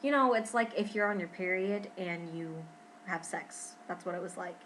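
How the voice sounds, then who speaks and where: A young woman talking casually to her camera at home in a pregnancy vlog, chatty and expressive, often saying "freaking". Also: fairly low pitch, moderate pace, a little hiss or hum, rough recording. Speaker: vlogger.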